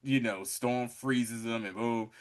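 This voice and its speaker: A man hosting a podcast, recapping an episode in an animated, slangy way, often breaking into laughter. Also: mid-range voice, takes it slowly. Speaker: podcast host.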